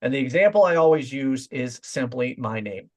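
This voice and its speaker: A man giving a sales training talk, direct and confident, acting out quick example lines to show voice tone. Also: medium pitch, animated. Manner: direct, demonstrates voice tones in quoted examples.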